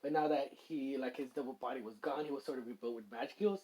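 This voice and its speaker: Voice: mid-range voice, quick pace, warm tone. A fan storyteller narrating an improvised fan story in a casual, rambling way, full of fillers and restarts.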